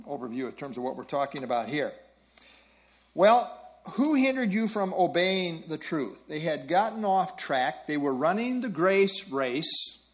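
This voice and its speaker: Earnest man teaching a Bible class. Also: on the high side. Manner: earnest, emphatic, repeats key phrases.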